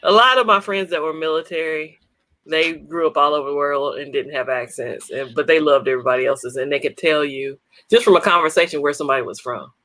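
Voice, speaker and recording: A woman co-hosting a tech podcast in casual chat, with expressive, emphatic reactions to her partner. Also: low voice, a little fast, no echo. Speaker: podcast co-host.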